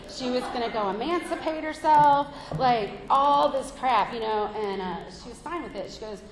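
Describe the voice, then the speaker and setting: A woman in her thirties giving a candid, rambling personal testimony at a recovery meeting, with many fillers and laughs. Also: a little high. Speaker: speaker sharing at a recovery meeting. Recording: echoey hall from far off.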